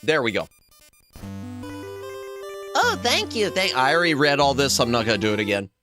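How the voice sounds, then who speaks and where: Faint music plays behind this VTuber as he streams a retro game, his medium-pitched voice moving at a moderate pace despite a sore throat. He's chatty and animated with viewers and reads the game's dialogue out loud.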